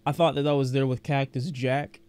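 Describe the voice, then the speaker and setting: A man's voice: mid-range voice, little pitch movement, a little fast, darkish tone, clean tone, dry recording. A man giving a casual, rambling reaction to a music album, often repeating words and breaking into song. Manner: chatty, rambling, repeats words, sings along. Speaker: music reviewer. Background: album music playing.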